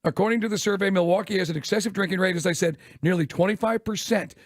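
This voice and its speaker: A man co-hosting a sports radio show, telling stories quickly and laughing often. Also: high voice, dry recording, studio quality. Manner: rapid storytelling, laughs often. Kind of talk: casual radio chat.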